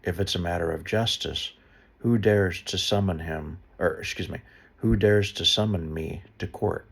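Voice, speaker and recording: A man reading a Bible passage aloud slowly and deliberately, stopping now and then to explain the footnotes. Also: deep voice, creaky, slightly rough. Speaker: Bible reader. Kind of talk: unscripted Bible reading with asides.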